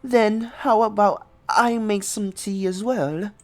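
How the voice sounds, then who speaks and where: A man voicing a shy, soft-spoken teenage girl bookworm from a visual novel, talking slowly and softly, close to a whisper. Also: high-pitched, steady tone, voice pushed up. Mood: timid, gentle. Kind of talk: reading a visual novel aloud.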